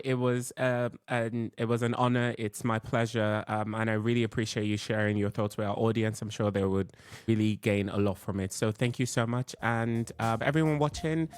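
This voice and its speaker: A man hosting an interview podcast who listens attentively, with frequent soft murmurs, and then closes the episode. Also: medium pitch, smooth. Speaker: podcast host. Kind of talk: interview host.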